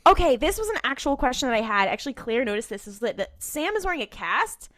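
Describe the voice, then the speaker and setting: A woman's voice: high voice, sing-song, fast talker, fairly bright tone. A woman co-hosting a podcast, casually recapping an episode in a chatty way and acting out characters' lines. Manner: chatty storyteller who acts out lines. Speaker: podcast co-host.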